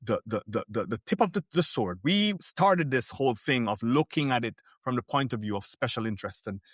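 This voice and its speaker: A man as a podcast guest, talking in an animated, emphatic way and telling stories from the cruise world. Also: medium pitch, brisk, no room sound, clean studio sound. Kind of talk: podcast interview.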